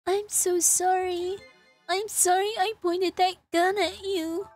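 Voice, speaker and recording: A woman reading aloud for a frightened young girl from a game, soft, small and childlike. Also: very high voice, little pitch movement, slow pace, soft background music, pitched above the performer's own voice. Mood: apologetic.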